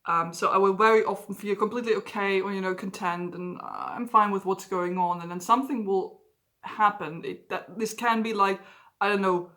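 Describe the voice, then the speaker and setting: A woman speaks to her viewers in a personal, confessional vlog. She talks openly and frankly. Her voice sits at an ordinary middle pitch. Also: expressive, normal speed, sharp tone. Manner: candid, emotionally open storytelling. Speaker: vlogger.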